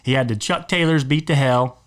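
A young man co-hosting a casual podcast chat, telling rambling, animated stories with plenty of cussing. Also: medium pitch, a little fast. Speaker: podcast co-host.

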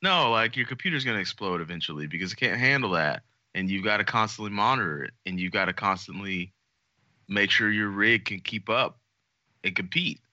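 A low-voiced man chats on a podcast with lots of energy, joking, cussing and hamming up his points. His voice has a very bright, forward edge. The sound is dry and a little muffled. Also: a little fast, no room sound. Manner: animated, jokey, swears freely. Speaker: podcast co-host. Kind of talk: casual podcast chat.

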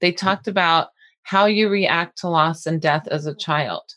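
A woman's voice: low voice, unhurried, bright, forceful tone. A middle-aged woman co-hosting a podcast, telling a personal story in casual, rambling chat with many restarts. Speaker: podcast co-host.

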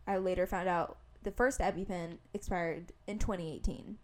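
A young woman with a lowish voice, speaking at normal speed, co-hosts a podcast and tells a story in casual chat. She's animated, acts out the quotes, and says "like" a lot.

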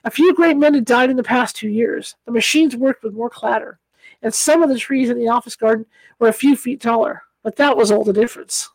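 A woman's voice: fairly high pitch, a little mellow, no echo, rough recording. Woman reading a story aloud, dry sound. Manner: measured storytelling. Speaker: audiobook reader. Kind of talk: audiobook reading.

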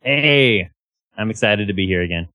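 A man's voice: lowish voice, expressive, normal speed, bright, forceful tone, dry recording. A male guest chats playfully on a podcast, making fun of himself. The recording is dry and close. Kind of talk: casual podcast chat.

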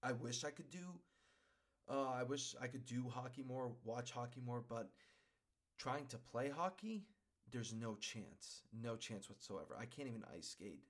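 A podcast host from Western Massachusetts rambles through a casual solo chat, getting worked up and tagging his points with "okay?". He speaks at a measured pace in a medium-pitched, animated voice.

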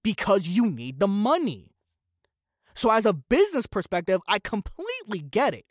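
A man's voice: high voice, wildly swooping pitch, moderate pace, no echo, studio quality. Sarcastic, opinionated male podcast host. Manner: opinionated, fires off rhetorical questions. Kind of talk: solo commentary podcast.

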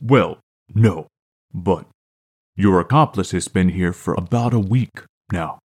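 Picture a stiff small-town mayor in a tweed suit, voiced by a male narrator. He talks formally and slowly in a low voice, impatience kept just under the surface. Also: breathy edge, heavily acted. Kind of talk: audiobook character reading.

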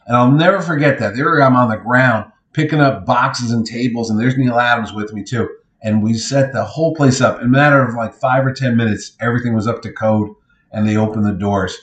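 A middle-aged man tells convention stories in an easy podcast manner, sliding into little impressions of the people he quotes. His voice sits at an ordinary male pitch, and the room around him rings with a noticeable echo. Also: a little fast, highs cut off. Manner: animated anecdotes, acts out others' lines. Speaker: convention organizer. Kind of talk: casual podcast storytelling. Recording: roomy echo.

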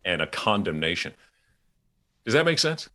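A man's voice: sits low, very animated, normal speed, bright, forceful tone. A man hosting a casual faith conversation, earnest and rambling, with frequent restarts and easy laughter.

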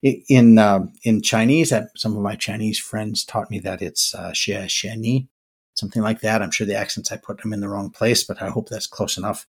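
Older guy hosting a podcast, kinda husky, lowish voice, thinks out loud. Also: fairly even intonation, moderate pace. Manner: reflective, musing, often restarting words. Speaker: podcast host. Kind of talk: casual podcast monologue.

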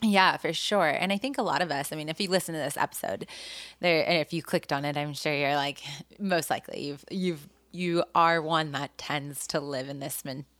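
A woman's voice: low voice, brisk, a bit bright, no room sound. A young woman co-hosting a faith podcast who talks in an encouraging, rambling way, restarting her sentences often. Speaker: podcast co-host. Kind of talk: casual faith podcast chat.

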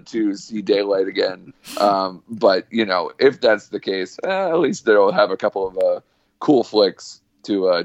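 Deep-voiced man, rambling podcast guest. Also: dry recording, dull audio. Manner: rambling with many fillers. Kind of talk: casual podcast chat.

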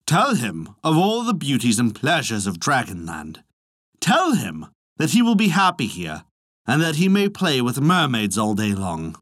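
A man's voice: medium pitch, huge pitch swings, a little slow, fairly bright tone, no room sound, studio quality, heavily acted. A man voicing a lovesick, fretting dragon king of the sea in a storybook tale, pleading and commanding in turn.

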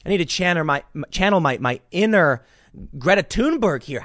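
A man's voice: sits high, expressive, moderate pace, a bit bright, no echo, studio quality. An American man giving emphatic, indignant political commentary, often repeating his words. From United States. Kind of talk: opinion commentary.

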